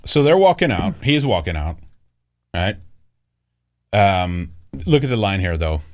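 A man's voice: sits low, very animated, unhurried. A man hosting a casual commentary show, rambling and often mocking. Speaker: host.

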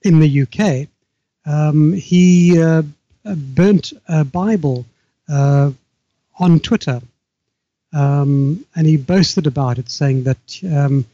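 An older man from Africa, speaking as a guest author in a halting, measured way with frequent restarts. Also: a little high, mellow, no room sound, muffled recording. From South Africa. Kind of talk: remote interview conversation.

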